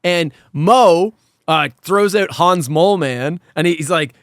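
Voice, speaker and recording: A man hosting a casual podcast chat who talks in an animated, ranting, profane way. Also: a little high, measured pace, dry recording, studio quality. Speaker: podcast host.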